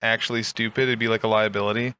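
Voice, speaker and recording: A man's voice: lowish voice, level tone, pushed and bright, smooth. A young man hosting a podcast, talking crudely and joking in casual chat. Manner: crude, joking, quick to laugh. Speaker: podcast host.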